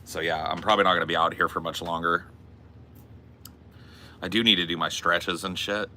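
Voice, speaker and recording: A man's voice: sits low, fairly even intonation, fairly quick, pushed and bright, a little hiss or hum. A young man live-streaming outdoors, chatting loosely with his chat in a rambling, offhand way. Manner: loose, rambling, sprinkled with laughs and filler. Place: outdoors in hot weather.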